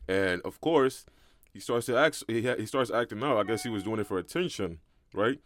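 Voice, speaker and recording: A young man with a thick Brooklyn accent talks quickly in a very low voice, telling a story in casual podcast chat. The sound is dry and close, with little room behind it. His street slang keeps the delivery loose and conversational. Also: dry recording. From Brooklyn, New York. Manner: streetwise storytelling, says "feel me" often. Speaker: podcast co-host.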